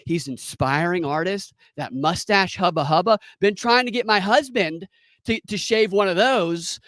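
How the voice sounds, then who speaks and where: A man's voice: high voice, normal speed, a bit bright, dry recording. A man voicing a giddy female real estate agent who eagerly agrees with everything, in a gushing manner.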